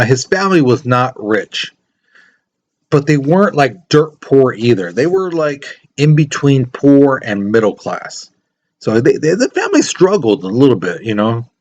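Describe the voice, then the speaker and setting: A man teaching a history lesson in a casual, conversational way, full of asides and fillers. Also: medium pitch. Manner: conversational, many fillers like "you know" and "things like that". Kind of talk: casual classroom lecture.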